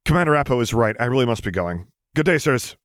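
A man reading the part of a frank young male engineer who is tired of politicians, in a quick, exasperated way. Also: medium pitch, lively intonation, dry recording, studio quality, pitched above the performer's own voice, lightly acted. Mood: cheerful.

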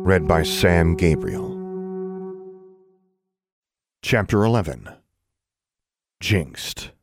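A man reading an audiobook in a measured, steady narration. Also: low-pitched, soft background music. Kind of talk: scripted narration.

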